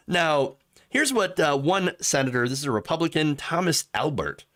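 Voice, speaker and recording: A man hosting a live political commentary show, sarcastic and animated, laughing at his own jokes. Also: fairly high pitch, normal speed. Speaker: host.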